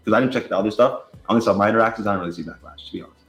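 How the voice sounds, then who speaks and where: A man's voice: on the low side, racing, echoey room, muffled recording. A man in a heated, sarcastic argument, defensive and swearing. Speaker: streamer in a played clip.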